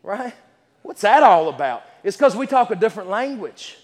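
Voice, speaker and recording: High-voiced preacher in a reverberant hall. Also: male voice, sing-song, brisk. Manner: folksy storytelling with frequent restarts and stammers. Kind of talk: sermon. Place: church.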